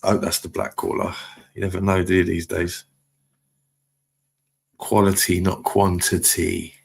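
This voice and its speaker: A man, chatting casually on a live stream, reading viewer comments aloud and giving relaxed shout-outs. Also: deep voice, a little slow, creaky, slightly rough.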